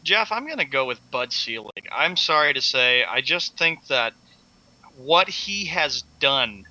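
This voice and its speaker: A man co-hosting a sports radio show, easygoing and quick to laugh in casual banter. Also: mid-range voice, sing-song, pushed and bright, poor audio.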